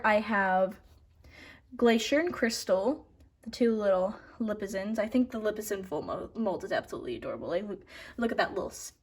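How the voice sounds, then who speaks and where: A young woman giving a casual tour of her model horse collection, chatty and upbeat, with occasional stutters and restarts and asides that trail off softly. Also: mid-range voice.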